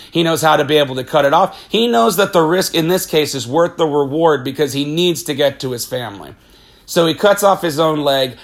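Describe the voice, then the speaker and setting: A man casually recapping a movie plot, animated, acting out the characters' lines and swearing freely. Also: fairly high pitch. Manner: animated retelling with acted-out quotes.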